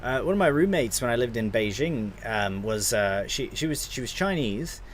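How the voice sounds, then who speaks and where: A man's voice: mid-range voice, expressive, normal speed, a little hiss or hum. A young man casually commentating his gameplay on a live stream, chatting to viewers and swearing now and then.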